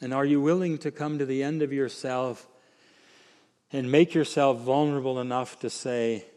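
A man preaching a sermon with emphatic swings from quiet, slow lines to raised ones. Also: medium pitch, fairly even intonation, clean tone. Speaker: pastor. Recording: long hall reverb.

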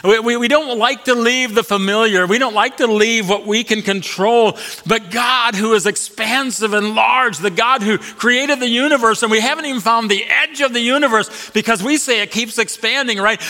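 Animated pastor preaching in an echoing hall. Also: male voice, normal speed, few pauses. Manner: animated, swings between loud emphatic peaks and soft low asides. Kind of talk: sermon. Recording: long reverb of a large hall.

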